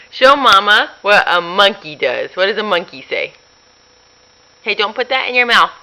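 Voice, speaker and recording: A woman's voice: medium pitch, expressive, slow, long pauses, bright, forceful tone, rough recording. A woman talking to her toddler at home in playful, coaxing baby talk, with frequent laughs. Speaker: mother.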